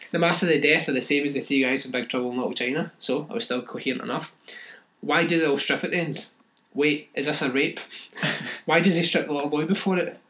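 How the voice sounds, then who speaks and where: A man's voice: on the high side, a bit bright, slight background noise. A man, a podcast co-host, talking in casual chat, sweary and mocking, laughing often.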